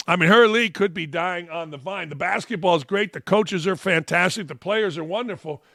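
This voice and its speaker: A fired-up male sports talk host who rants with blunt, profane opinions. His voice sits high for a man and comes across forceful and sharp. It sounds dry and close to the mic. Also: a little fast, gravelly, no echo.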